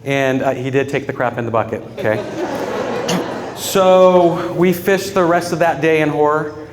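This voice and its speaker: Speaking a little high and a little slow, a man delivers his father's eulogy to mourners in a room, with a long reverb tail and noisy background. He tells personal stories earnestly, frequently laughing as he goes.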